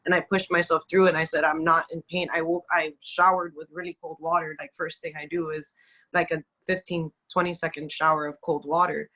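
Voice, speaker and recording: A woman's voice: sits low, level tone, brisk, sharp tone, poor audio. A woman from Cuba being coached, talking in a chatty way with many fillers. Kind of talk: casual chat.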